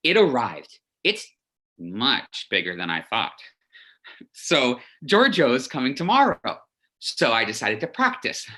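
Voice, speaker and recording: A man plays a chatty, lovesick son in lockdown who gushes and rambles through a message to his mother. His voice is bright and lively, and his pitch leaps high and drops low. It is a theatrical monologue. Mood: nervous. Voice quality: gushing, rambling, quick to confess.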